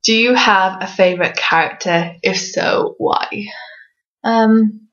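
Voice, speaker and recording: A woman's voice: medium pitch, slow, fairly bright tone, lo-fi sound. A woman from Wales with a fairly neutral English accent, an author answering reader questions in a casual vlog, hesitant with many ums and light self-mocking laughs.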